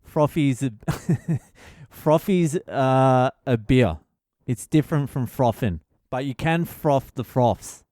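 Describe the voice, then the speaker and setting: A man's voice: medium pitch, expressive, takes it slowly, dark tone, no echo, clean studio sound. An Australian comedian in his thirties hosting a podcast, crude and profane, joking and laughing as he talks. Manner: crude, profane, swears constantly; laughs at his own jokes. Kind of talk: casual comedic monologue.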